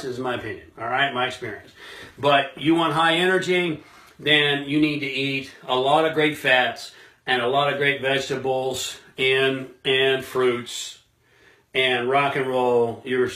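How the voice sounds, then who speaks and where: A man's voice: medium pitch, pushed and bright, roomy sound. A man giving a motivational self-help talk straight to his viewers, emphatic and punchy, with lots of repetition and rhetorical questions.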